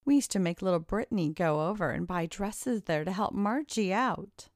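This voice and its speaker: A woman's voice: mid-range voice, moderate pace, a little mellow, no room sound, clean studio sound, close to an everyday voice. A woman voicing a sarcastic young woman who mocks an old classmate. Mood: snide. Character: sarcastic young woman, former school bully.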